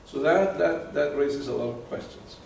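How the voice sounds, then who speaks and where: A man's voice: fairly high pitch, normal speed, vocal fry, recorded from a distance, a little hiss or hum. Man lecturing in a very echoey room. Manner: animated, repeats words while searching for terms. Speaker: presenter. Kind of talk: live lecture with audience questions. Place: meeting room with an audience.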